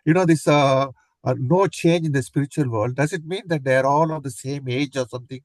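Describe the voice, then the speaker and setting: A man's voice: medium pitch, brisk, no echo. A man taking part in a devotional discussion on a video call, asking a curious question. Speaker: participant.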